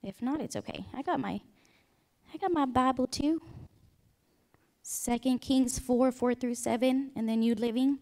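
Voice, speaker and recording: A woman's voice: high voice, measured pace, long pauses, mellow. Chatty woman pastor preaching, drawl. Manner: chatty, joking asides, call-and-response questions to the congregation. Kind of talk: sermon. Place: church sanctuary.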